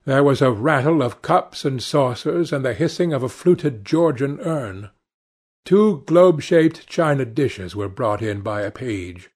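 A man narrating a classic novel for an audiobook in a measured, expressive way. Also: mid-range voice. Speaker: audiobook reader.

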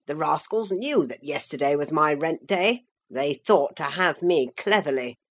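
A woman's voice: low voice, expressive, measured pace. A woman reading aloud and voicing a pompous older male magistrate who blusters and declaims. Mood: blustering.

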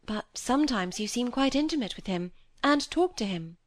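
A woman's voice: on the high side, animated, normal speed, no echo, voice pushed up. Woman reading an earnest young woman. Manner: earnest, sincere. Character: earnest, serious young woman, gentle but firm.

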